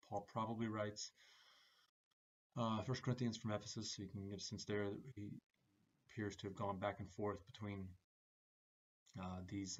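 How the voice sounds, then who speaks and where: Gravelly, flat-voiced man lecturing haltingly. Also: lowish voice, lo-fi sound. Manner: halting, many "uh" fillers between phrases. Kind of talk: recorded class lecture.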